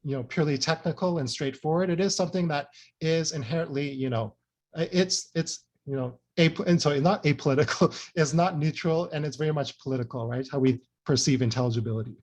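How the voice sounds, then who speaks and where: A man's voice: a little high, fairly quick, a little mellow. A man giving an academic presentation, earnest and loose, with many fillers and frequent "right?" checks. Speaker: speaker presenting a talk.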